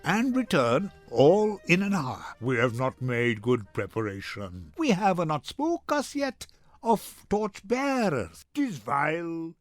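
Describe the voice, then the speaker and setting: A man's voice: a little high, big pitch swings, slow, dry recording, soft background music. A man reading a plotting young gallant. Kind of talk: dramatic reading.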